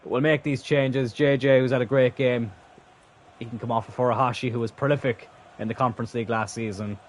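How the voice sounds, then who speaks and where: A young man commentating his own football video game match as a streamer, swinging from calm remarks to frustrated, swearing outbursts. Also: medium pitch, a little fast, a little hiss or hum. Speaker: gaming streamer. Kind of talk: live gameplay commentary.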